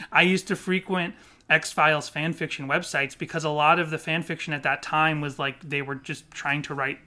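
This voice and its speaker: Male podcast co-host, 40s, bright tense timbre, jokey teaser. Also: fairly high pitch, steady tone, normal speed. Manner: joking and teasing, chatty. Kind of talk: casual chat.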